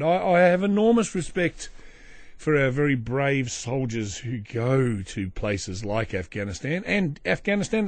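A man's voice: on the high side, no echo. Wry Australian man hosting a podcast. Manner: rambling, wry, self-mocking, drifts into asides. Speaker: podcast host. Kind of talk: comic news commentary. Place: small back room.

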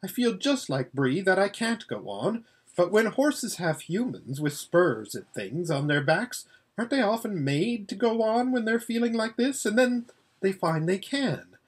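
A timid, gentle mare, as a man puts her on, speaking softly and hesitantly, as if afraid to speak up. The voice sits higher than the reader's own and stays soft, with a slight huskiness. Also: very animated, a little slow, husky, heavily acted.

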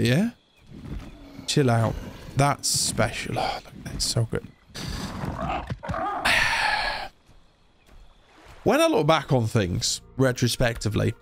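An excitable young man talks through his video game playthrough, yelping and joking as things happen on screen. His pitch sits in a middle range, and steady game music plays behind him. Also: gravelly. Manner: excitable, chatty, exclamatory. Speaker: gaming YouTuber. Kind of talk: let's play commentary.

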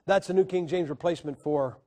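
A warm-toned man with a voice on the high side teaches a Bible class briskly. Lecturing emphatically, he asks the audience questions and counts out syllables to drive points home.

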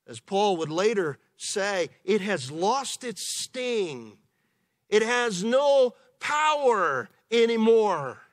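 Slow, animated preaching man. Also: high voice. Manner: measured preaching with slow emphatic pauses. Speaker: pastor. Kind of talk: sermon. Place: church.

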